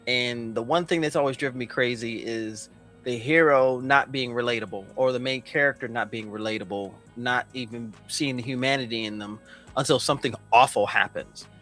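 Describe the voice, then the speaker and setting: A man co-hosting a casual comic review podcast, animated and profane, acting out characters as he talks. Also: mid-range voice, normal speed, soft background music. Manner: animated, profane, acts out characters mid-story. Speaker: podcast co-host.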